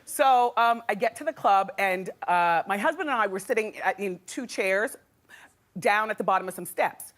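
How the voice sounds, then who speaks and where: A woman's voice: mid-range voice, expressive, normal speed, fairly bright tone. A middle-aged woman hosting a daytime talk show, telling gossip stories in a chatty, dramatic way with frequent laughs. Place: TV studio with live audience. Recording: studio audience noise and crowd.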